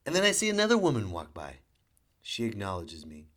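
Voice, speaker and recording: A man's voice: fairly low pitch, huge pitch swings, brisk, fairly bright tone. A man, a father, hosting a podcast and telling a rambling, sarcastic comedic story. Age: young adult to middle-aged, a father. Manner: rambling, sarcastic, acts out quotes. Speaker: podcast host.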